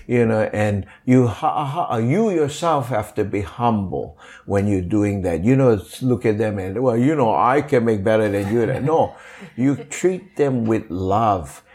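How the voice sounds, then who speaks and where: Older Hawaiian man, pidgin-inflected English, lively storyteller, pitch jumping around. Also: takes it slowly. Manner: animated, acts out quoted voices, many fillers. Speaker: guest, kapa maker. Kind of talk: storytelling interview.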